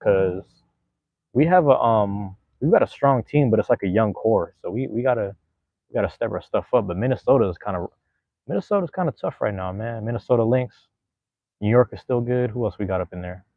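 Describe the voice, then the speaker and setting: A man's voice: mid-range voice, fairly quick, dry recording, phone-quality sound. A man hosting a podcast in a casual, rambling way, full of slang. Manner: slangy, rambling, laid-back. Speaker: podcast host.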